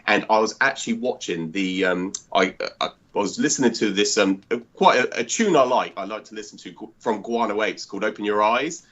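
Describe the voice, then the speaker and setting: A man with a fairly low voice co-hosts a casual chat. He talks at length in an earnest, rambling way and keeps circling back with restarts. His audio sounds muffled and lo-fi. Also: fairly quick, hardly any pauses, fairly bright tone. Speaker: podcast co-host. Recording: dull lo-fi audio.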